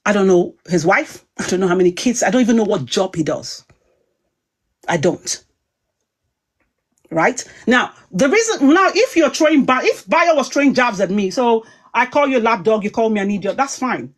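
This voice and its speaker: Woman, heated online commentator, emphatic and rambling, a touch high-pitched. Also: expressive, moderate pace. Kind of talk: heated livestream talk.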